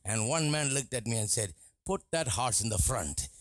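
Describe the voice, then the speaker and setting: A male preacher giving a sermon, animated and often laughing as he acts out what people say. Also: medium pitch, normal speed, no echo. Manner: animated, laughing, mimics voices in quotes.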